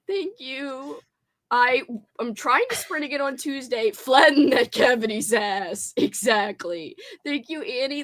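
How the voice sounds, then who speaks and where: A woman's voice: high voice, expressive, unhurried, a bit bright. A woman hosting a casual livestream, giggling and laughing so hard she cries as she chats. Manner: giggly, laughing through tears. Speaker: host.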